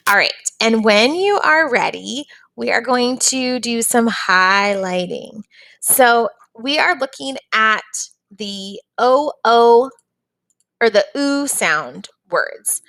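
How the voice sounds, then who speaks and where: A woman's voice: mid-range voice, vocal fry, fairly bright tone, no echo. Patient woman teaching a reading lesson. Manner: patient, explains step by step. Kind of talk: reading lesson for young students.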